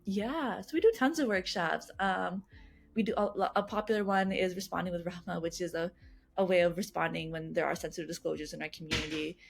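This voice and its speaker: Fast-talking woman with gravelly fry. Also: lowish voice, fairly even intonation, faint music behind. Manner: fast, earnest, many restarts and repeated words. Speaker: guest, youth engagement coordinator at a health nonprofit. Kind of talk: casual interview answers.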